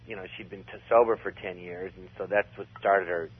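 Rambling low-voiced man on a phone line. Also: steady tone, breathy edge. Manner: rambling, halting restarts. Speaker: comedian guest. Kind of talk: casual storytelling.

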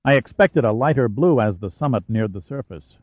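A man's voice: medium pitch, expressive, a little fast, dry recording, phone-quality sound, close to an everyday voice. A man voicing a cool, wry male adventurer who speaks in a dry, understated way.

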